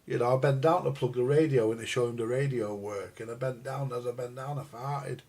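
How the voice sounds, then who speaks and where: A man's voice: mid-range voice, fairly quick, darkish tone. An older man, chatting crudely and jokily to viewers on a live stream about records and radios. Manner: crude, jokey, addresses viewers as guys. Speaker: record collector vlogger. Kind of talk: rambling live-stream chat.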